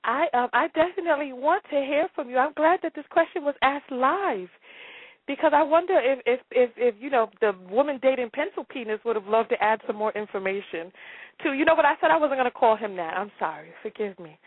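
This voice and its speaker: A woman hosts a live call-in advice show. Her voice is high and husky, and she stammers, repeats words and keeps breaking into laughter and dramatic exclamations. The sound is dry and thin, like a phone line. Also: animated, brisk, no echo. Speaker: radio advice show host.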